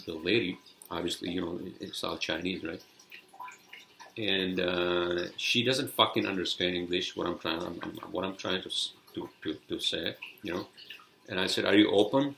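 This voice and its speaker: Deep-voiced rambling, cursing podcast man. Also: fairly even intonation, moderate pace, gravelly, sharp tone, a little hiss or hum, low-quality recording. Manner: rambling, profane, many fillers and restarts. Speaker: podcast host. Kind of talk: casual solo podcast monologue.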